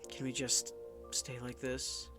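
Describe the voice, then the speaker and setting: A man voicing a depressed, gentle teenage girl, reading her game lines in a soft, halting way over background music. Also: medium pitch, completely flat delivery, close to an everyday voice. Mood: sad, hesitant. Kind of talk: game dialogue read aloud.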